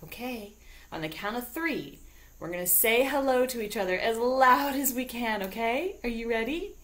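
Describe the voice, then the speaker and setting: A woman's voice: on the high side, animated, normal speed, fairly bright tone. A woman teaching music to small children, talking to them in a bubbly, coaxing way during a live sing-along stream from home. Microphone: live video stream. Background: ukulele.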